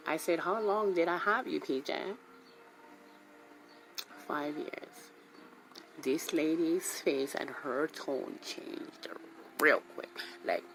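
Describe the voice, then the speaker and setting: Animated woman telling a story, lowish voice. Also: slight background noise. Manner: animated, acts out quotes, repeats herself for emphasis. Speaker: radio show host. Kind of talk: casual storytelling.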